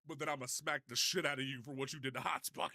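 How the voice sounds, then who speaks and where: Bright-voiced man chatting on a livestream. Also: mid-range voice, fast. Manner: animated, profane, stumbling restarts. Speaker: livestream host. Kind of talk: casual livestream chat.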